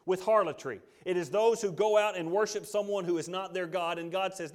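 A man's voice: sits high, brisk, hardly any pauses. A man preaching a sermon, telling the story dramatically and acting out its quotes. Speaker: pastor.

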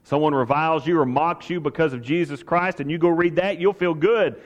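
A man's voice: a little high, fairly quick, long reverb tail, dull audio. A man preaching a sermon as pastor, talking with emphasis and asking his listeners rhetorical questions.

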